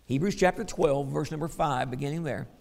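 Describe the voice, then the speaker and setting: A man's voice: on the high side, a little fast, gravelly, a little mellow. A middle-aged man preaching a sermon, telling stories and reading scripture aloud. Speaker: pastor.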